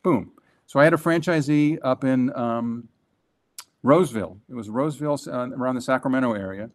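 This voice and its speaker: Animated man telling a business story. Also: mid-range voice. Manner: animated, emphatic storyteller with quick restarts. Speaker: guest, former franchise executive. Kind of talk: conversational storytelling.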